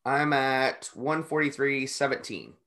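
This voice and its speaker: Man, bright forceful voice, wry casual podcast chat. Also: mid-range voice, unhurried. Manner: wry, joking, keeps count aloud. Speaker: podcast co-host. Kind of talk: casual watch-along chat.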